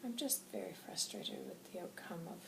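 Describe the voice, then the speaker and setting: A woman's voice: lowish voice, wildly swooping pitch, moderate pace, gravelly, background noise, full character voice. A woman voicing the channeled words of a passionate male spirit guide, preaching earnestly. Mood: hushed. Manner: earnest, preaching, relayed with "he says".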